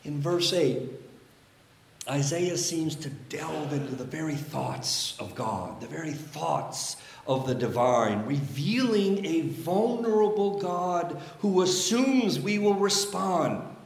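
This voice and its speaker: A man preaching a sermon as pastor, measured and emphatic, with deliberate pauses. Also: a little high, lively intonation, vocal fry, echoey room. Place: church sanctuary.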